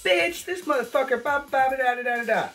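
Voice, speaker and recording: A man voicing a sassy, gossiping woman who curses and complains loudly. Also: extremely high pitch, a little fast, pitched above the performer's own voice, heavily acted. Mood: gossipy. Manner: brassy, cursing, exaggerated. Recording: distant mic with faint music.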